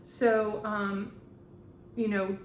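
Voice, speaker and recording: A woman in her fifties, a medium, talking in a rambling, halting way with frequent fillers and laughter. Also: mid-range voice, little pitch movement. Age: 50s. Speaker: spiritual medium. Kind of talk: casual channeling monologue. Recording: echoey room with faint background noise.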